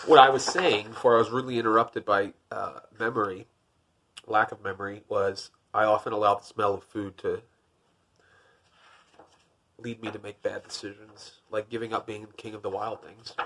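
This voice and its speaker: A man reading a picture book aloud, lifting his voice for the narration and dropping to wry, deadpan jokes in between. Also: slight background noise. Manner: wry, deadpan joking asides; rises for narration, drops low for asides. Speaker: podcast host.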